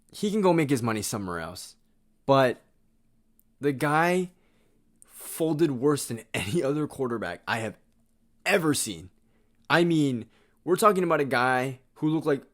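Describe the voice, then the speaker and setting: A man hosting a sports podcast, delivering a blunt, exasperated and sarcastic rant. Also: medium pitch. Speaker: podcast host.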